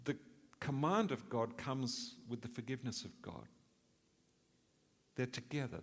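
A man's voice: medium pitch, animated, a little slow, gravelly, long reverb tail. A man preaching a sermon in an earnest way, asking rhetorical questions and swelling for emphasis.

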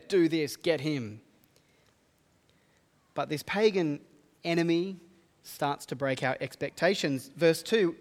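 A man preaches in a reverberant church hall, reading verses aloud and unpacking them earnestly. His voice sits a little on the high side for a man. The long echo of the hall trails after his words. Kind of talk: sermon.

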